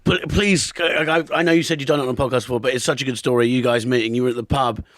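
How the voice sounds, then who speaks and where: A man's voice: medium pitch, steady tone, fairly bright tone, no room sound, clean studio sound. Hesitant male podcast host. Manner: halting, with repeated backchannel agreement. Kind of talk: casual interview chat.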